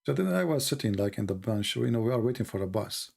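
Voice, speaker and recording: A man hosting a casual livestream, rambling and animated, often mocking people in put-on voices. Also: medium pitch, fast, vocal fry. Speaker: livestream host.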